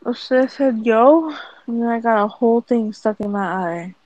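A woman's voice: a little high, moderate pace, a little mellow, no echo, dull audio. A woman co-hosting a podcast, adding wry, sarcastic quips to a casual chat. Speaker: podcast co-host.

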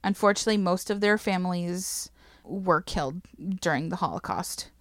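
A woman's voice: on the low side, moderate pace, no echo, clean studio sound. A woman casually telling a history story to a co-host, swearing freely, laughing and getting emotional.

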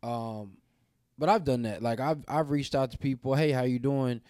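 Podcast co-host, a man from the American South, candid and animated, mid-range voice, dry close mic. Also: mid-range voice, moderate pace, no echo. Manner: candid, animated storyteller who acts out quoted dialogue. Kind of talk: casual chat.

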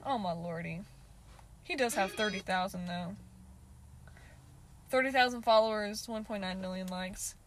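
A woman's voice: medium pitch, moderate pace, long pauses. A young woman in her twenties telling a casual storytime to her viewers, talking loosely with a lot of filler and swearing, laughing now and then. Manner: chatty, heavy filler "like", frequent swearing, laughs often. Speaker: vlogger.

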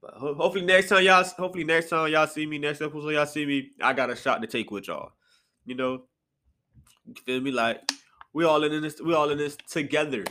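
A man hosting a casual solo podcast from his apartment, swinging between sudden high exclamations and low mutters. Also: fairly quick, slight background noise. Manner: animated, jumps into sharp high outbursts then drops to low mutters. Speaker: podcast host. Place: apartment room.

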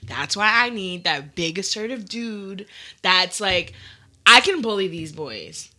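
Loud, bright-voiced young woman. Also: medium pitch, sing-song, takes it slowly. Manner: loud, bold, blunt and swearing. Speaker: podcast co-host. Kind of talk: casual chat.

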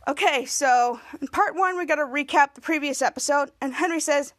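Excitable high-voiced woman podcaster. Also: a little fast. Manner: excitable and rambling, with many restarts. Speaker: podcast host. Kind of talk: casual episode recap.

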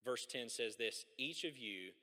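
A man preaching a sermon as a pastor, animated and conversational, with folksy asides. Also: mid-range voice, unhurried. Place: church sanctuary. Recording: long hall reverb.

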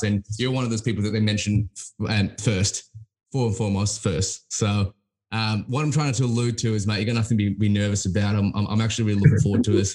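An Australian man hosting a podcast, casual and teasing, tripping over repeated words as he gets excited. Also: fairly low pitch. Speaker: podcast host. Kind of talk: casual interview chat.

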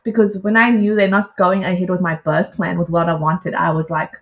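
A young woman casually telling her own birth story, animated and laughing as she acts out what she said back then. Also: lowish voice, fairly quick. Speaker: podcast guest. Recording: dull lo-fi audio.

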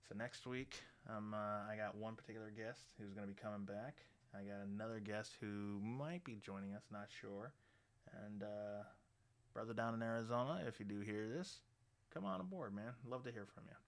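A man with a fairly low voice speaks at a moderate pace as a podcast host. He rambles through crude stories and jokes, swearing freely and leaning on "you know" as filler.

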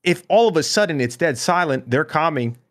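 A man co-hosting an esports podcast, talking casually in rambling, animated bursts with restarts and swearing. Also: on the high side, brisk. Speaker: podcast co-host.

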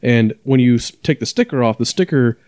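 A man with a mellow, warm voice chats on a podcast in a dry, close sound. He explains at length, circling back with fillers and restarts as he goes. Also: medium pitch, expressive, brisk, dry recording. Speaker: podcast co-host. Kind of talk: casual podcast chat.

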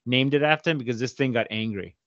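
A man co-hosting a podcast, chatting casually and launching into animated, profane rants. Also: mid-range voice, quick pace, dry recording, dull audio. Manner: animated, swearing, exaggerated rants. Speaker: podcast co-host. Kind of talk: casual banter.

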